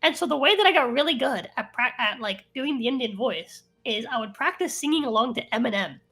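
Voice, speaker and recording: A woman's voice: on the high side, lively intonation, fairly quick, fairly bright tone. A woman co-hosting a podcast, telling a story in a chatty way and laughing often. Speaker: podcast co-host. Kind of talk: casual chat.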